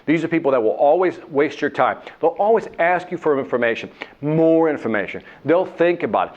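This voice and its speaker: A man delivers a lively sales training talk, and his voice rides fairly high with wide swings in pitch. He acts out the people he describes. The recording sounds dull and lo-fi. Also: a little fast. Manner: animated, acts out whining voices and characters. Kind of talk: motivational sales talk with a told story.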